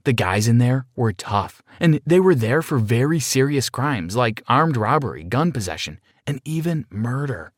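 A man narrating a dramatic first-person story in an expressive reading style. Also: mid-range voice, normal speed, few pauses, no room sound, studio quality.

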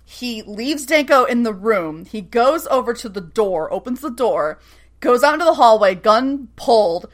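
A woman co-hosting a casual recap chat, animated and profane, acting out characters' lines as she goes. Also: a little high. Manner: animated, swears freely, acts out lines in quick asides. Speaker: podcast co-host recapping a TV episode.

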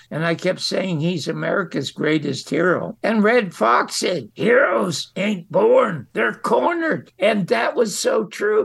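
An older man, a guest in an interview, telling lively anecdotes and acting out quoted lines. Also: high-pitched, gravelly. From United States. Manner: animated storyteller who acts out quotes. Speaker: guest storyteller.

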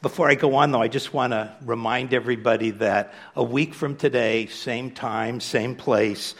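A man giving a public lecture in a relaxed, conversational way, with frequent fillers. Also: medium pitch, normal speed.

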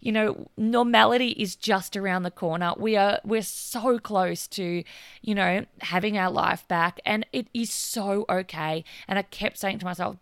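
A woman hosting her own podcast in casual solo talk, earnest and encouraging, with a hoarse voice as she loses it, and many fillers. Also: medium pitch, unhurried, no room sound, studio quality. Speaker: podcast host.

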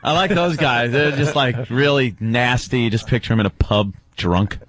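A man, a radio co-host, joking in an animated way in casual chat. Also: medium pitch, moderate pace.

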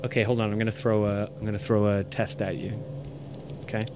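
A man's voice: on the low side, level tone, fairly quick. Playful man improvising a sneaky sketch. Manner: playful, whispering conspiratorially at times. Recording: faint background noise.

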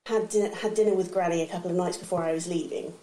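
A woman's voice: fairly low pitch, reverberant, a little hiss or hum, low-quality recording. Laughing woman telling funny family stories. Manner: lively anecdotes, quick voice impressions, laughing. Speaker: guest comedian. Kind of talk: casual storytelling chat.

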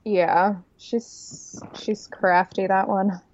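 A woman co-hosting a casual podcast, agreeing quickly and chiming in with gossipy reality-TV takes. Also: mid-range voice, fairly even intonation, lo-fi sound, noisy background. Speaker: podcast co-host. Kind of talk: casual reality-TV recap chat.

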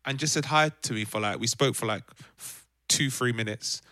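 A man, a podcast co-host telling a lively story in casual chat and acting out other people's voices. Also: medium pitch, normal speed, dry recording, studio quality. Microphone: remote call from home.

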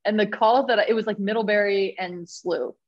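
A woman telling stories in a casual podcast chat, animated and laughing often, with lots of fillers. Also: mid-range voice, brisk, muffled recording. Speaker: podcast guest, rowing coxswain.

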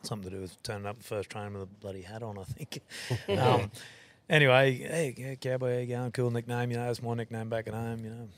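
A man's voice: mid-range voice, steady tone, fast, hardly any pauses, dry recording. A man with an Australian accent, a podcast guest telling a rambling, swear-filled story and correcting himself as he goes. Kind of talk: casual storytelling.

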